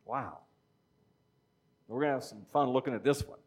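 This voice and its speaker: A man's voice: medium pitch, normal speed, breathy edge. A middle-aged man preaching a sermon in a conversational teaching style, often checking in with "okay?". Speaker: pastor.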